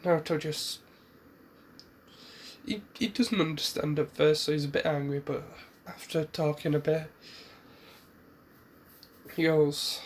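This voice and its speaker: A man's voice: on the high side, fairly even intonation, measured pace, pauses often, slight background noise. A man casually retelling a fan-made story, rambling with restarts and asides.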